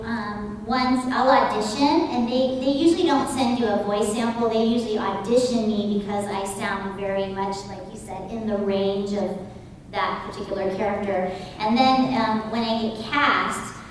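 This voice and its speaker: A woman's voice: on the high side, fairly even intonation, moderate pace, recorded from a distance, slight background noise. A woman, a voice actor on a convention panel, explaining her work in a chatty way. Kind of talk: casual panel talk. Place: large convention hall. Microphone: far from the camera mic. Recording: echoey hall recorded from the audience.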